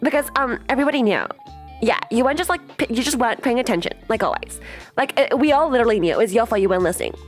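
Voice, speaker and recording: A woman voicing dismissive teenage schoolgirls who talk over their friend in a fast, valley-girl drawl. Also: on the high side, soft background music, voice pushed up, close to an everyday voice. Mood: snide.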